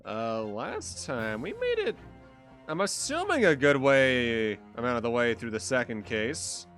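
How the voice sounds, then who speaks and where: A man's voice: mid-range voice, sing-song, unhurried, fairly bright tone, faint music behind. A man streaming a game, chatting casually and stumbling over his words. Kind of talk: casual let's-play chat and reading.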